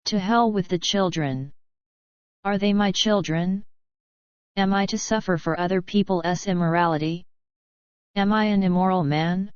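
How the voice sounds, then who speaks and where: A woman's voice: fairly low pitch, unhurried, pauses often, clean tone, dry recording, natural voice. A woman voicing a hot-tempered middle-aged male joiner who rants and scolds, in a dry, slightly dull recording. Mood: furious. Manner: ranting, scolding.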